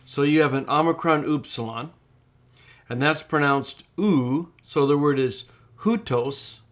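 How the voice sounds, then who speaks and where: A middle-aged man teaching in a screencast tutorial, explaining step by step and slowing down to model words. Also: a little high, fairly bright tone. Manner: patient, explains step by step, slows down to model pronunciation. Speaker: Greek teacher.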